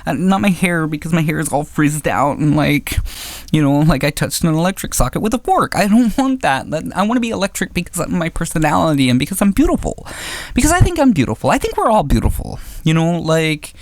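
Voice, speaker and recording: Rambling, animated woman doing stand-up. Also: deep voice, fairly quick, no echo. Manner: rambling, full of "like" and "you know", laughs at her own jokes; animated, swooping delivery with acted-out quotes. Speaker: stand-up comedian. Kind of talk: stand-up comedy set.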